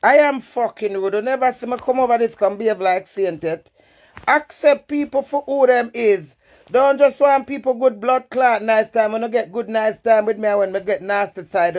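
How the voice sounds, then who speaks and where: A woman's voice: a little high, a little mellow. A woman with a Jamaican accent, talking bluntly and profanely in a candid live-stream rant, swinging between defiance and emotion. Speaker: social media personality.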